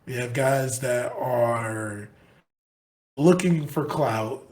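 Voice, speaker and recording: A man's voice: medium pitch, drawn-out words, a little mellow. Rambling earnest podcast co-host man. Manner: rambling, earnest, many restarts. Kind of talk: casual sports podcast chat.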